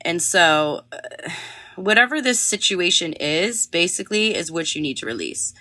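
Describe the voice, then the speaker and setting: A woman's voice: lowish voice, animated, normal speed, sharp tone, no room sound. A young woman chatting casually on a livestream while reading tarot cards, rambling with lots of fillers. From Canada. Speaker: tarot reader.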